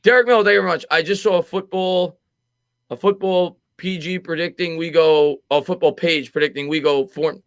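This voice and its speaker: A man hosting a live sports show, reading out viewer comments and giving quick, emphatic football opinions, often repeating words as he argues a point. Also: a little high, fairly even intonation, clear, resonant tone, no room sound. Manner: fast, emphatic, repeats words when arguing. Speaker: sports podcast host.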